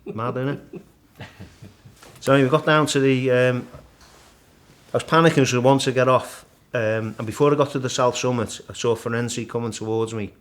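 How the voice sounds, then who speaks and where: A middle-aged man, a guest in a casual interview, vividly retelling his climb and acting out the shouts and thoughts along the way. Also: mid-range voice, fairly quick. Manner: animated storyteller, acts out his own shouts and thoughts. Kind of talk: storytelling in casual conversation.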